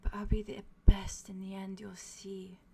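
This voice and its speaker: A woman voicing a rotted, branch-bodied female spirit in a gentle, menacing whisper. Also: mid-range voice, monotone, unhurried, gravelly, breathy edge. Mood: gentle menace. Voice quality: soft whisper.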